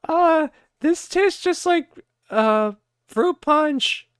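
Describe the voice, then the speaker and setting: A man putting on a high, mocking voice for his offhand sister. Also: animated, extremely slow, fairly bright tone, no echo, clean studio sound, exaggerated voice. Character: annoyed young woman, sister, offhand.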